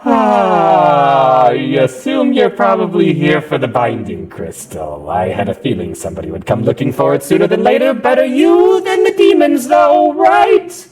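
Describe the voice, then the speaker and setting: A man's voice: a little high, wildly swooping pitch, normal speed, few pauses, music in the background, voice pushed up. A man voicing an awkward, chatty undead male wizard who rambles and apologizes sheepishly. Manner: rambling, sheepish, nervous laughs.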